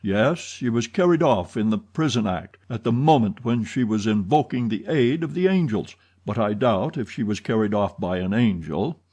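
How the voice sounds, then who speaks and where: A man voicing a solemn police commissary in an audiobook, asking measured, probing questions. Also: lowish voice, lively intonation, mellow, slightly rough. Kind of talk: audiobook character reading.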